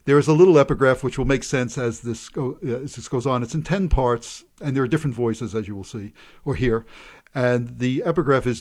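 Thoughtful male poet with halting restarts. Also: mid-range voice, a little mellow. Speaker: poet and translator. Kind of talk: interview and poetry reading.

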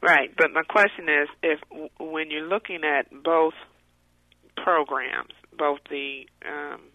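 A man calling in with a question, halting and full of fillers and restarts. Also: a little high, steady tone, dry recording. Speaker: caller asking questions. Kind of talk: conference call question. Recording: tinny phone line.

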